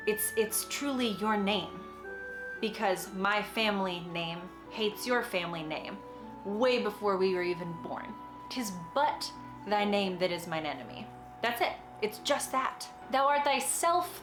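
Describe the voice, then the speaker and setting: Chatty woman teaching, echoey room. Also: medium pitch. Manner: chatty and explanatory, with frequent little laughs and acted-out quotes. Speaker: acting teacher explaining a monologue. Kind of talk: casual spoken tutorial.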